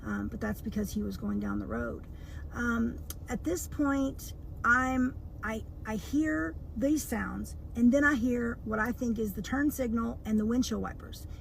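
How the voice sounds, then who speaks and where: A woman's voice: a little high, creaky, a little hiss or hum, rough recording. A woman telling a personal story in a casual storytime monologue, earnest and tense, with many fillers.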